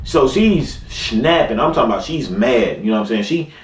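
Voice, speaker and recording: Speaking with a medium-pitched, lively voice at a moderate pace, a young man vlogging shares a relaxed story full of slang. He keeps checking in with "you know what I'm saying." The recording is roomy, with him distant from the mic and music playing in the background.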